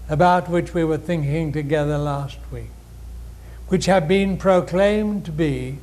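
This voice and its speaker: A man delivers a spiritual lecture in an unhurried, measured cadence. His voice sits a little high for a man, and his phrasing is gently formal as he addresses his listeners. Each phrase is set out with care and pauses between its parts.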